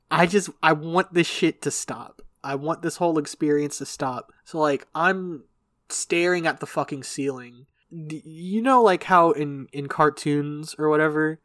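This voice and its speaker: A man's voice: fairly high pitch, measured pace, fairly bright tone, dry recording. A young man telling a long story in casual podcast chat, rambling and swearing, often laughing. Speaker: podcast co-host.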